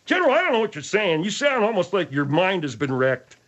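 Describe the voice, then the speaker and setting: A man's voice: high-pitched, big pitch swings, brisk, fairly bright tone, pitched above the performer's own voice, full character voice. A man voicing a dim-witted, defensive man who stammers and plays dumb. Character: dim-witted bickering man called Bud.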